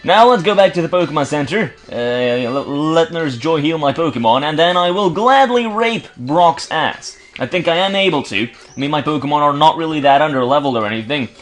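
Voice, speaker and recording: A man's voice: fairly high pitch, animated, fairly quick, few pauses, faint music behind. A man casually commentating his gameplay, stuttering and restarting words often, with joking, sarcastic asides. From Belgium. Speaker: let's play commentator.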